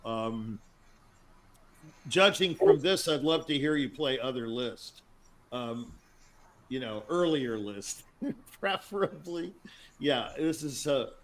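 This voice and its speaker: A man's voice: medium pitch, expressive, slow pace, pauses often, poor audio. A man judging a piano audition over a video call, giving rambling, encouraging feedback with many hesitations. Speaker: piano judge. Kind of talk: spoken feedback on a performance.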